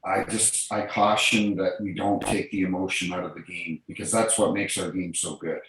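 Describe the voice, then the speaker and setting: A man's voice: sits low, flat delivery, moderate pace, a bit bright, slight background noise. A middle-aged man from New Brunswick, Canada, a former referee telling earnest stories in a casual interview over a video call. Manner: earnest, repeats and restarts phrases, tells anecdotes. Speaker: guest, former hockey referee. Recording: very echoey room.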